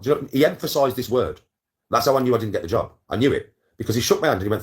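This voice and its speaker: A man's voice: mid-range voice, animated, fast. A man in his forties, telling a story to his viewers in a boastful, swearing, chatty way. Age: 40s. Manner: boastful, swears a lot, keeps checking in with viewers. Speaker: content creator. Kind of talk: casual storytelling to camera.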